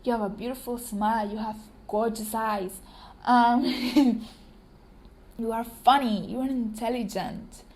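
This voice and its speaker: A young woman hosting a casual solo podcast, her voice hoarse and cracking, rambling with frequent ums and offering warm affirmations to listeners. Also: a little high, steady tone, measured pace, slight background noise. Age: young adult. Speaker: podcast host.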